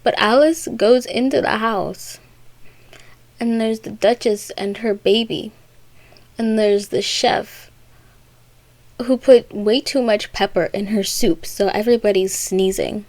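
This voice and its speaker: A woman casually retelling a classic story in a chatty, rambling way, popping into quick character voices. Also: medium pitch, fairly even intonation, darkish tone, no echo.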